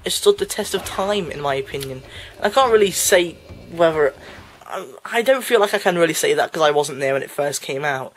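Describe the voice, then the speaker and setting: A man's voice: a little high, a bit bright, slight background noise. A young British man giving casual let's play commentary, rambling, correcting himself and laughing at himself as he talks. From Britain.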